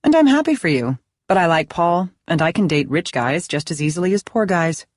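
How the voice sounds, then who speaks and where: A woman's voice: fairly low pitch, big pitch swings, fairly quick, darkish tone, no echo, studio quality. Woman playing a brash young college woman. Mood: dismissive.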